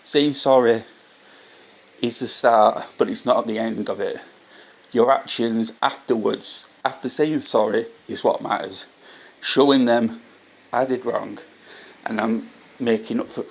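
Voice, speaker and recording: A man with a voice of ordinary pitch speaks earnestly and unscripted about faith. He circles back to his main points and often restarts his sentences as he talks. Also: fairly even intonation, measured pace, vocal fry. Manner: earnest, repeats key points, frequent restarts. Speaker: vlogger sharing faith reflections. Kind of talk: casual spoken reflection to camera.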